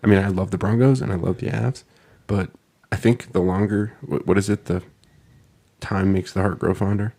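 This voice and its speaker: A man's voice: deep voice, fairly even intonation, normal speed, warm tone. A man co-hosting a casual sports podcast, speaking in a laid-back way, often laughing and bantering as a fan. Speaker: podcast co-host.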